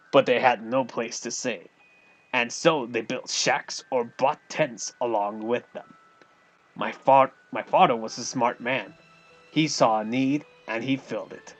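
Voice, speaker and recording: A man's voice: medium pitch, a bit bright. A man voicing an older male innkeeper with a scruffy voice, telling of his family inn.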